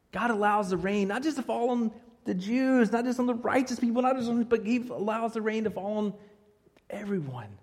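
A high-pitched man delivers a lively sermon, swinging between loud emphasis and quiet asides, with a joke dropped in now and then. His voice rings through a church hall with a long, trailing reverb. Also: moderate pace. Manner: animated preaching with joking asides. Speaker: pastor.

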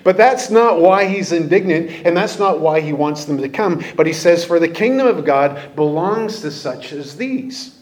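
A male pastor preaching a sermon in a conversational, animated way, full of rhetorical questions. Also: a little high, normal speed.

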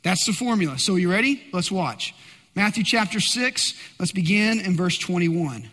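A male pastor preaching a sermon, swinging between loud emphatic bursts and hushed asides. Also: high voice, expressive, normal speed, long reverb tail.

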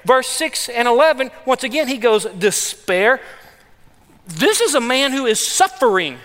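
A man's voice: extremely high pitch, sing-song, unhurried, fairly bright tone, in a large hall. A man preaching a conversational sermon as pastor, acting out the psalmist's pleading words. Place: church sanctuary.

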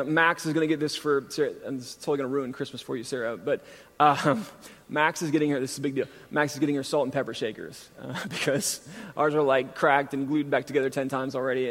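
A pastor in his thirties preaching a sermon, moving from scripture into a self-deprecating, animated family story. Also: fairly high pitch. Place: church sanctuary. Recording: long reverb from a large hall.

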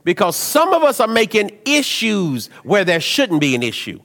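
A man preaching a sermon, telling stories in an animated way, dropping to low asides and rising to shouts. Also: moderate pace, long reverb tail.

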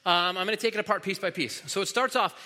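Bright-voiced preacher man in a reverberant hall. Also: high voice, fast talker. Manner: casual teaching with many fillers and restarts. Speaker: pastor. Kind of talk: sermon.

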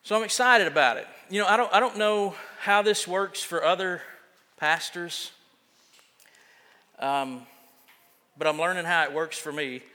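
A man's voice: sits high, unhurried, pauses often, sharp tone, long reverb tail. A man preaching a sermon as pastor, casual and self-deprecating, often restarting his sentences.

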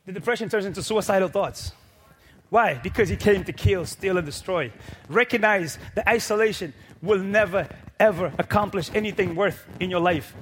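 A man preaching a sermon to a congregation, building from quiet, low lines to loud, shouted peaks with rhythmic repetition. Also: moderate pace, husky. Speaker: pastor. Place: church.

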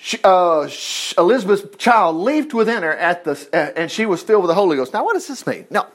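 A man's voice: high-pitched, sing-song, brisk. A man preaching a folksy sermon, acting out the Bible characters as he reads.

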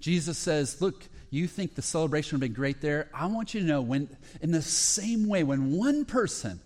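A man preaching a sermon with a fairly high voice. He retells stories in short, broken phrases, often restarting and filling pauses, and lifts into excitement when a story peaks. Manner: speaks in short phrases with frequent fillers and restarts. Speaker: pastor.

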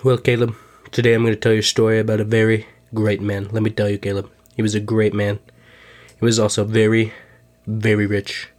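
A man's voice: lowish voice, completely flat delivery, brisk, a little mellow, natural voice. A man doing a comedic impression of a boastful, self-obsessed older male ex-president, rambling and repeating himself in a podcast sketch.

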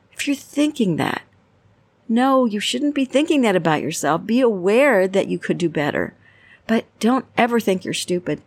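A woman's voice: medium pitch, animated, normal speed, dry recording. A middle-aged woman giving casual advice on friendship, chatty, often acting out little quoted exchanges. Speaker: self-help speaker. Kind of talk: casual advice talk to camera.

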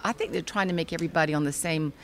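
A woman from South Carolina with a Southern US accent, a guest author and humorist telling stories in a lively, folksy way. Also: low voice, rapid-fire. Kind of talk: casual interview chat.

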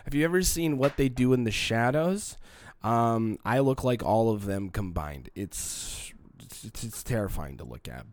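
A man's voice: fairly low pitch, expressive, measured pace, no echo. A young man hosting a solo podcast, sick with a cold, talking in a rambling, candid, profane and emotional way. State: sick with a cold, congested and coughing. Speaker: podcast host.

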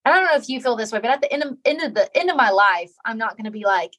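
A woman's voice: on the high side, expressive, rapid-fire, pushed and bright. A middle-aged woman, a guest author in a casual interview, talking earnestly and repeating phrases for emphasis.

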